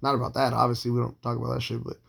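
A man's voice: medium pitch, monotone, very fast, a bit bright. A man in his late thirties telling a long personal story in a casual, profane, rambling way, full of fillers and restarts. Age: 30s. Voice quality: gravelly, husky voice.

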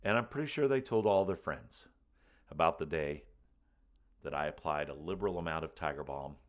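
A man telling a comic personal story, animated and playful, acting out the voices of the people in it. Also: very deep voice, normal speed. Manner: animated, acts out voices and screams for comic effect.

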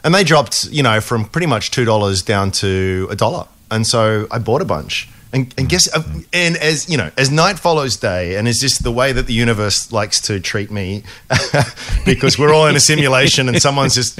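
A man co-hosts a casual investing podcast in a mid-range, slightly bright voice at normal speed. He's hesitant, restarting his sentences often and poking fun at himself.

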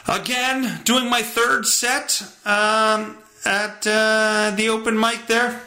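High, bright-voiced profane podcast host. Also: male voice, little pitch movement, slow pace. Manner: profane, rambling, self-mocking. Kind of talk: casual solo podcast monologue.

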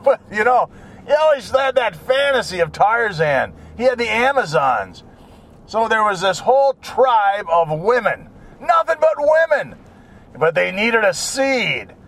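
A man's voice: high voice, a bit bright. A man delivering a rambling, crude, joking monologue with frequent chuckles and wandering asides.

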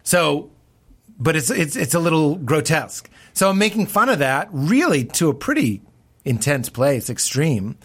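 Excitable laughing comedian man. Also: unhurried, slightly rough. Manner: excitable, laughing, voices quotes with big pitch jumps. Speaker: comedian guest. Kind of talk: casual podcast chat.

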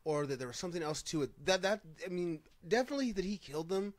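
Skeptical man with a higher voice. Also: lively intonation, fast talker, no echo. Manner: questioning, skeptical, thinks aloud. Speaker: podcast co-host and former wrestler. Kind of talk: casual group discussion.

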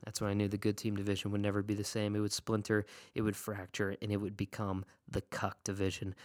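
A man hosting a casual recap of his league's matchups. He talks in an animated, sarcastic way and swears often. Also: on the low side, fast talker, no room sound, clean studio sound. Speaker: fantasy league podcast host. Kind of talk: casual profane recap rant.

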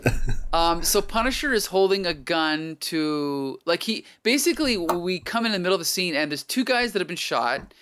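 A man's voice: high-pitched, expressive, moderate pace, a bit bright, smooth. A man hosting a casual chat recapping a comic book, rambling with many fillers and chuckles. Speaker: podcast host.

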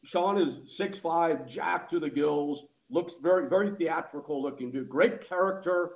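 A man tells a story in relaxed chat, his voice sitting higher than most men's. He laughs easily and jumps into the voices of the people he quotes. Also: a little slow, rough recording. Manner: animated, laughs often, acts out quoted lines. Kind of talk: casual storytelling.

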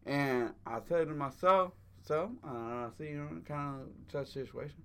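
A man's voice: a little high, moderate pace, sharp tone, a little hiss or hum. A man in casual chat, telling a rambling story with profanity and frequent laughs.

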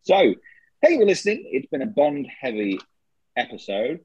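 A man co-hosting a podcast, joking and chatting casually with quick asides. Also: mid-range voice, huge pitch swings, darkish tone, husky, no room sound. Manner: jokey, laughing, quick asides. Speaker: podcast co-host. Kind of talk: casual comedic chat. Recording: slightly lo-fi dry recording.

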